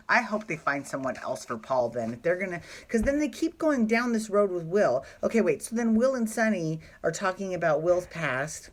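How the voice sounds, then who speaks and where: A man's voice: fairly high pitch, fairly bright tone. Chatty gushing man recapping soaps. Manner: chatty and gushing, quick asides and apologies. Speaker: soap opera recap host. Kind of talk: casual chat.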